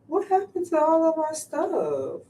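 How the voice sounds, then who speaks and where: A woman's voice: sits high, wildly swooping pitch, unhurried, warm tone. A woman co-hosting a casual chat show, chatty and full of questions, often trailing off and restarting. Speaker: podcast co-host. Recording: echoey room, distant mic.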